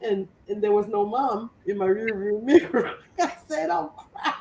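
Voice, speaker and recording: Animated woman in an echoey room. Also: medium pitch, moderate pace, far from the mic, a little hiss or hum. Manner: animated storyteller, laughs often. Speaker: co-host of a crafting live show. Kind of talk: casual chat.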